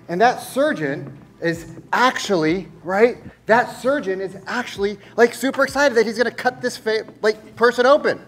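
A man giving a sales-training talk on stage, animated and rhetorical, firing questions at the audience. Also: high-pitched. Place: stage before a live audience.

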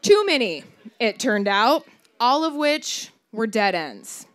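Wry, lively woman storyteller. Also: fairly high pitch, slow pace, a faint crowd. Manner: wry, candid, swears for comic emphasis. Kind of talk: live personal storytelling performance.

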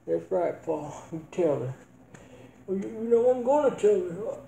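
A man's voice: sits high, animated, a little slow, vocal fry, mellow, heavily acted. A man playing a laid-back, jobless adult son in a comedy sketch, mumbling and stammering. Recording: roomy echo.

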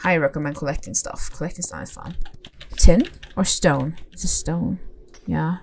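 A young woman giving casual, excitable commentary as she plays a horse game, talking to herself and the horses with gasps and squeals. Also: sits low, moderate pace, gravelly, a little hiss or hum. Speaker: gaming channel host.

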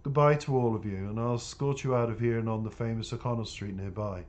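A man voicing a kindly male police officer who gives calm, fatherly advice in a storybook reading. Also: mid-range voice, fast, close to an everyday voice. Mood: advising.

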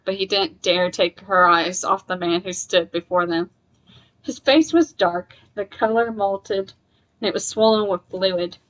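A woman reading a novel aloud in steady narration, with small slips she corrects as she goes. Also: mid-range voice, rough recording. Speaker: reader.

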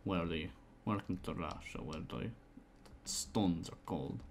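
A man drops into a hushed, low mock-Russian drawl for a somber greeter in a game. The voice sits deeper and quieter than his usual talk, drawn out and slow. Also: creaky, a little hiss or hum, exaggerated voice. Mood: mock gloomy.

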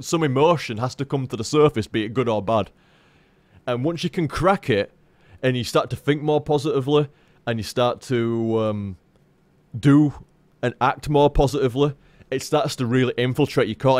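Guy streaming, just talking straight, swears a lot, keeps restarting his sentences, dry close sound, average pitch. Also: dry recording. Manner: frank, sweary, rambling with restarts. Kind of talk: casual live-stream chat.

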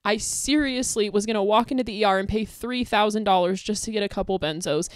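A woman's voice: medium pitch, fairly quick, clear, resonant tone, no room sound, studio quality. A young woman ranting angrily to camera, swearing and confronting an online critic. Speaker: content creator.

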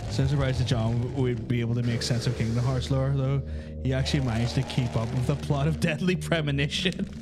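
A Northern Irish man ribbing his friend over a horror game, crude and quick with a joke, his voice sitting at an ordinary middle pitch. Game music plays clearly underneath the whole time. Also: fairly even intonation. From Northern Ireland. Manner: crude, teasing, joking. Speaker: co-host of a gaming playthrough. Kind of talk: casual banter over gameplay.

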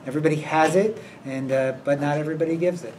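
A man from the school staff chats his way through character awards, wandering and filling pauses as he goes. He sits back from the microphone, and a faint hiss runs under his voice. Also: fairly high pitch, fairly even intonation, a little mellow. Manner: rambling and hesitant, many fillers. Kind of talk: casual unscripted school announcement. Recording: distant mic with faint noise.

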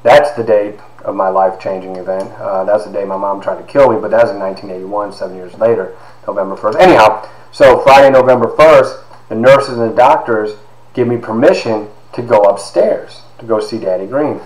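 Low-voiced man telling his life story. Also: fairly quick, crowd noise. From Ohio, USA. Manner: animated retelling with lots of quoted dialogue and fillers. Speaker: podcast host and author. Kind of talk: personal storytelling. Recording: echoey room with faint background noise.

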